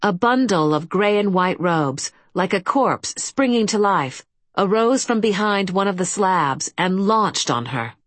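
A woman narrating an audiobook in a steady, even storytelling manner. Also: medium pitch, measured pace, no room sound. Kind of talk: scripted fantasy narration.

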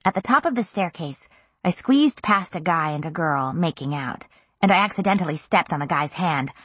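A woman narrating a first-person novel in an intimate, even storytelling manner. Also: fairly low pitch, moderate pace, slightly rough, dry recording. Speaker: audiobook narrator.

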